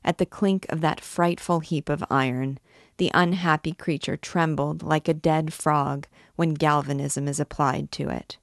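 A woman reading a classic novel aloud as guide, in a slow, deliberate narrating manner. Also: low-pitched, steady tone, vocal fry, dry recording, clean studio sound. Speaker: book reader and guide. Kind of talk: audiobook reading.

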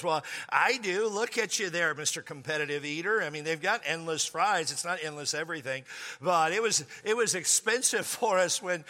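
High, bright-voiced pastor telling jokes. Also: male voice, long reverb tail. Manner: joking, exaggerated, bursts into shouts. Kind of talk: humorous sermon storytelling.

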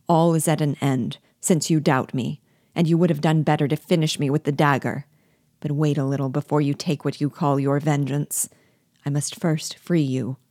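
A woman reading aloud the lines of an earnest, proud man who pleads to be trusted, in a measured, grave way. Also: low-pitched, mellow, dry recording, studio quality. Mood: pleading.

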